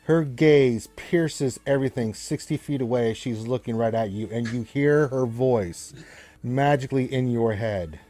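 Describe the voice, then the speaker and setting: A man narrates a tabletop game as game master, stopping and restarting as he paints each scene. His voice is dark and mellow, with faint music under it. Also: medium pitch. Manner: rambling, halting descriptions with many fillers.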